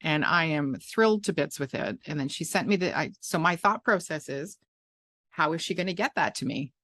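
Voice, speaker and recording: A woman's voice: deep voice, animated, normal speed, fairly bright tone, dry recording. A middle-aged woman hosting a podcast, chatty and rambling with a self-deprecating streak. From Canada. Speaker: podcast host. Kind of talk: casual interview chat.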